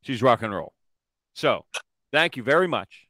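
Lively, joking male podcast host. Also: medium pitch, a little slow, background noise. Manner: joking, teasing, upbeat. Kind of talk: casual podcast chat.

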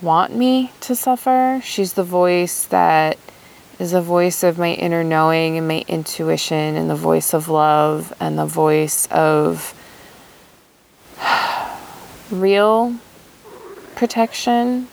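A woman speaking in a thoughtful, hesitant personal monologue with many pauses. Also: fairly low pitch, creaky, a little hiss or hum.

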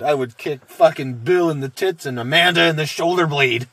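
A man with a slightly high, husky voice co-hosts a casual podcast, reading posts aloud and launching into profane, mocking rants. The sound is dry and close. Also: big pitch swings, moderate pace, hardly any pauses, a bit bright, no room sound. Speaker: podcast co-host.

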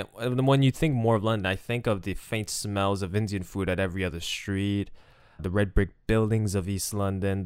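A man's voice: deep voice, dry recording. Chatty man hosting a podcast, dry close sound. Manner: chatty and rambling, with frequent restarts and laughs. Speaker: podcast host. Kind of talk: casual solo podcast monologue.

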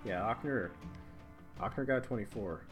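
A man narrating as game master of a tabletop game, in a relaxed, loose way full of fillers. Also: on the low side, normal speed. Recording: music playing behind.

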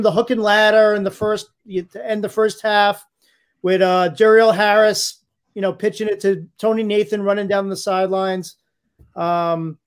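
A man in his fifties with a high voice reminisces on a sports podcast. His phrasing is vivid and colorful. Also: smooth. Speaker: podcast co-host. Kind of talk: casual sports chat.

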